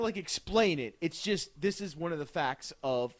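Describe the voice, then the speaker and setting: Animated man telling a story. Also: fairly high pitch, normal speed. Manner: animated, acts out the scene, laughs a lot. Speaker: podcast co-host. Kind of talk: casual storytelling chat.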